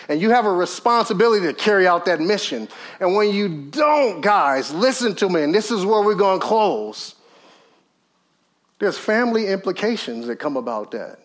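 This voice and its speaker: A man preaching with a high, lively voice that leaps and drops across a wide range. He tells a story full of acted-out quotes. He keeps throwing questions to the congregation. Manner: storytelling with acted quotes, swinging from loud high peaks to low murmurs; calls out questions to the audience. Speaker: pastor. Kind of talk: sermon.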